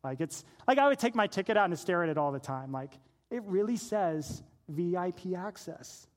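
A man's voice: high-pitched, animated, moderate pace. A man in his forties preaching a sermon, telling a playful personal anecdote and acting out the voices in it. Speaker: pastor.

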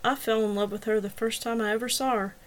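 A man's voice: sits high, fairly even intonation, fast, fairly bright tone. Woman doing Joe, a lovesick deaf young man. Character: lovesick deaf young man, self-pitying, a bit drunk.

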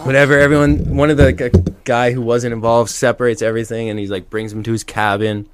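A young man co-hosting a podcast, telling an animated story with lots of laughter and acted-out quotes. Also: medium pitch, brisk, few pauses, smooth, no room sound. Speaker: podcast co-host. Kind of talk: casual storytelling chat.

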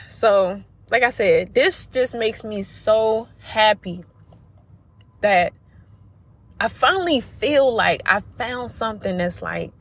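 A woman's voice: on the high side, slow pace. A woman hosting a podcast, talking casually and earnestly to her listeners as a business coach, repeating herself and calling them y'all. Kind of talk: casual motivational podcast talk.

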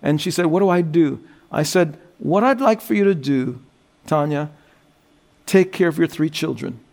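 A male preacher with a somewhat high voice delivers a sermon. He tells his story at a steady pace, then slows and goes deep whenever he quotes scripture or leads a prayer. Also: vocal fry. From New Jersey. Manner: storytelling, drops low and slow for scripture and prayer. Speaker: guest preacher.

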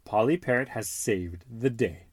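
A man hosting a podcast with his son, reading a children's storybook aloud in an animated, expressive way. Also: medium pitch, measured pace, husky, no room sound.

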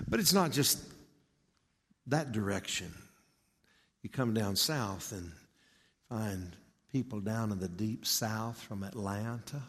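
A Texan man delivers a conversational sermon, telling stories with easy asides. His voice sits a little low. A long hall reverb follows every phrase. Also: normal speed. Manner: folksy, storytelling, with many asides.

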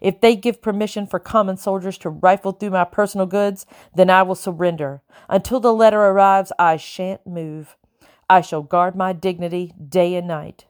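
A woman reading the part of an imperious, sharp-tongued colonial lady who speaks crisply and coldly in an audiobook. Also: lowish voice, steady tone, moderate pace, pitched above the performer's own voice, close to an everyday voice. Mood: haughty. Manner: crisp, cold, demanding.

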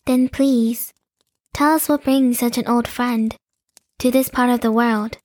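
A watchful young shapeshifter woman , voiced by a woman in an audio drama. Her voice sits a little high and is recorded dry and close. She speaks calmly and courteously, with measured phrasing. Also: no echo, lightly acted. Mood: wary.

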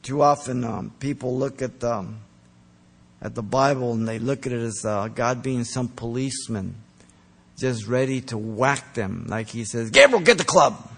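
Gravelly preacher in an echoing hall. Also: male voice, mid-range voice, steady tone, measured pace. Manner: earnest, emphatic, rising to strong emphasis then dropping soft. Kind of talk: sermon. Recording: long reverb of a large hall.

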